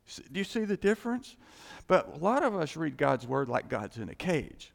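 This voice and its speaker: A man's voice: high voice, very animated, normal speed, vocal fry. A man preaching a sermon as pastor, talking in a loose, conversational way, chuckling often and acting out little quoted exchanges. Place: church sanctuary. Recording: long hall reverb.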